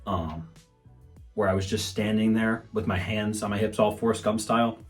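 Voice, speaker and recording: A man's voice: fairly low pitch, steady tone, normal speed, soft background music. A young man hosting a comedy podcast, rambling through a profane monologue and acting out quotes in mocking voices. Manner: swears a lot, acts out quotes in raised mocking voices.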